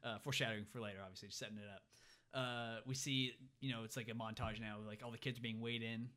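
A man casually recapping a movie with a friend on a podcast, animated and quick to act out lines. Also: medium pitch. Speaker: podcast co-host.

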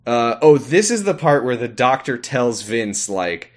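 A man co-hosting a podcast, casually recapping an episode with wry asides and quick put-on character voices. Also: mid-range voice, big pitch swings. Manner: wry, acts out character quotes with sudden voice jumps. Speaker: podcast co-host.

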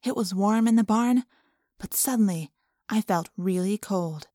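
A woman's voice: medium pitch, a little slow, warm tone, no echo, clean studio sound. A woman narrating an audiobook in a plain, conversational first-person storytelling way.

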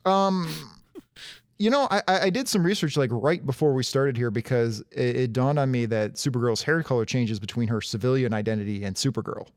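A man's voice: medium pitch, brisk, no echo, clean studio sound. A young adult man co-hosting a casual podcast, explaining trivia with wry asides. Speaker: podcast co-host. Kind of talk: casual chat.

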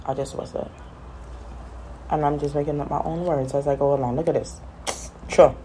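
A woman's voice: deep voice, fairly even intonation, brisk, warm tone, slight background noise. A woman chatting casually on a vlog, telling a rambling, exasperated story. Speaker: vlogger. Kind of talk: casual chat.

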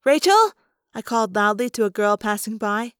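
A woman reading a first-person novel aloud with steady, expressive storytelling. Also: mid-range voice, brisk, smooth, no echo, clean studio sound. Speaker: audiobook reader.

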